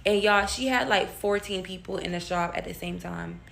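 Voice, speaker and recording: A woman's voice: lowish voice, normal speed, vocal fry, a bit bright, slight background noise. A woman telling a salon horror story in a profane storytime rant, calling her listeners y'all. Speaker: storyteller in a clip.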